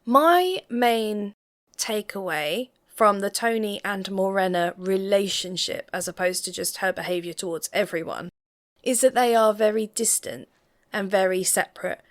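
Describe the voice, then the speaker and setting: A woman co-hosting a casual reality TV reaction chat, recapping scenes in a measured, observant way. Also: medium pitch.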